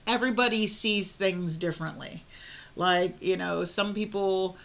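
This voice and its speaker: Woman doing a tarot reading, bright clear voice, chatty and blunt, lots of um and you know. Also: mid-range voice, measured pace. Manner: chatty, frank, many fillers and restarts. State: hiccups. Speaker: tarot reader.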